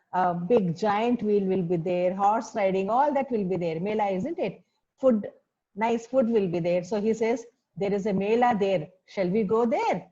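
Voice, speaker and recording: A woman's voice: mid-range voice, warm tone. A woman who teaches a story to students, explaining words and often asking them questions. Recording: dull lo-fi recording.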